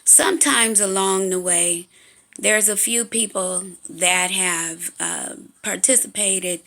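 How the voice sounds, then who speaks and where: A woman giving a halting, earnest spiritual monologue with many fillers and restarts. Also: mid-range voice, gravelly, bright, forceful tone. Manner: earnest, agitated.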